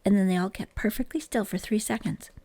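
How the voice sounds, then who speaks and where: A woman reading a children's book aloud in an expressive, gentle storytelling manner, close to the microphone. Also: mid-range voice, a little fast, no room sound.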